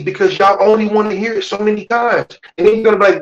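A man's voice: sits high, quick pace, hardly any pauses, highs cut off. A man hosting a podcast, talking in a blunt, profane, emphatic way as he lectures his listeners. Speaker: podcast host. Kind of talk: casual opinionated podcast talk.

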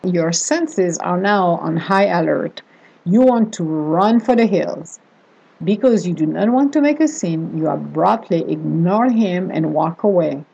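Slow, husky-voiced woman narrator. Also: on the low side, expressive, mellow, lo-fi sound. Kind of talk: second-person storytelling narration.

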